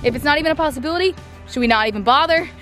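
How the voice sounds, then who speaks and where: This farm vlogger, a young woman, chats casually to the camera outdoors, her speech very fast and full of "like" and "I don't know," with occasional words aimed at her animals. Her notably high, fairly bright voice has lively intonation, and faint music plays behind her.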